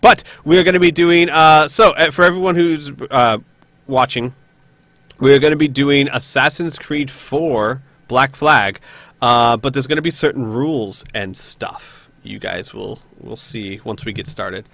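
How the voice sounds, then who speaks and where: A man's voice: medium pitch, unhurried, a bit bright, no echo. A man streaming a game, chatting casually and rambling with many restarts.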